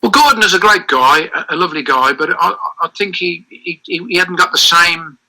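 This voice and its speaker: A man's voice: high voice, a little fast, sharp tone, poor audio. An older man, giving an interview as a guest and telling long anecdotes with many restarts and self-corrections. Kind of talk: reminiscing interview over a call.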